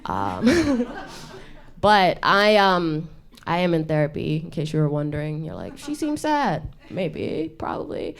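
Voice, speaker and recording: Low-voiced woman doing stand-up. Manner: self-deprecating, chatty, laughs between lines. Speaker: stand-up comedian. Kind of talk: stand-up set. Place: intimate studio stage with audience.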